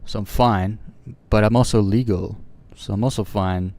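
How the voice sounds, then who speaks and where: A man's voice: fairly low pitch, steady tone, normal speed, darkish tone. Man streamer, casual and dismissive. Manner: casual and dismissive, laughing things off. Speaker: game streamer. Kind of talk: casual live-stream chat.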